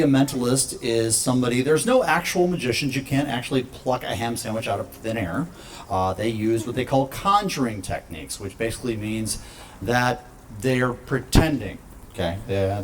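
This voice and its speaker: A man's voice: medium pitch, slight background noise. A man performing as a mentalist, joking with the crowd in showman patter. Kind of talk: stage patter. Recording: faint background ambience.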